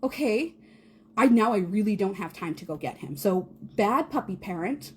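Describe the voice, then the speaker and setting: A woman in her thirties, a podcast co-host, telling a chaotic morning story in a casual, animated way, often laughing and acting out quotes. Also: moderate pace, a little hiss or hum. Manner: animated, laughing, acts out quotes in a high squeal.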